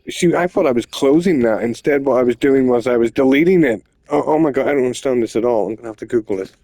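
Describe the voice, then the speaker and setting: A man's voice: mid-range voice, quick pace, mellow, dry recording. A man ranting and swearing as he comments on his own gameplay, repeating himself in frustration. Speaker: gamer.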